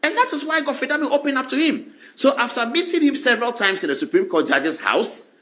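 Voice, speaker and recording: A man delivers talk-show commentary, his voice bright and high-pitched. He swings widely in pitch and acts out quoted exchanges in shifting voices. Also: animated, a little fast.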